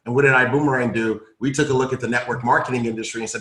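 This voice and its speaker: A persuasive male presenter talks straight to his audience with eager energy. His tone is bright and forward. The room adds a noticeable echo around him. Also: medium pitch, fairly even intonation, quick pace, few pauses. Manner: enthusiastic, persuasive, addresses audience directly. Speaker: company co-founder presenting a recap. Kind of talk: upbeat business recap talk. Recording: roomy echo.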